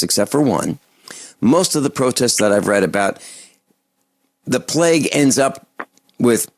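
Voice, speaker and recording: A man hosting a call-in radio talk show, delivering an impassioned, indignant rant that swings between loud outbursts and low muttering. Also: dry recording.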